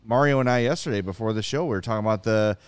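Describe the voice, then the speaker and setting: A man's voice: on the low side, very fast, smooth, dry recording. A man with a Chicago accent hosting a sports podcast, talking casually and swearing in frustration. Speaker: podcast host.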